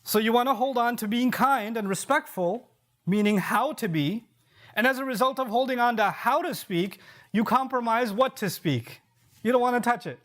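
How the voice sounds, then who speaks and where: A man preacher giving a sermon, explaining verses through rhetorical questions and repeated key points, with quick Arabic recitation. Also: extremely high pitch, a bit bright.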